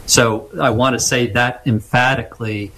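A man's voice: mid-range voice, fairly even intonation, normal speed, a bit bright, poor audio. A man co-hosting an advice call-in show, talking in a reassuring, emphatic way and often repeating his phrases. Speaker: co-host giving advice to a caller.

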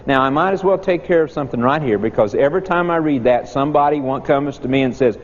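A man's voice: medium pitch, fast, few pauses. A man preaching a sermon in a folksy storytelling manner. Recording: dull lo-fi recording with long reverb and faint noise.

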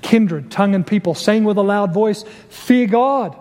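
A man preaching a sermon, deliberate and emphatic, repeating key phrases and asking rhetorical questions. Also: sits high, fairly even intonation, a little mellow. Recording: long hall reverb.

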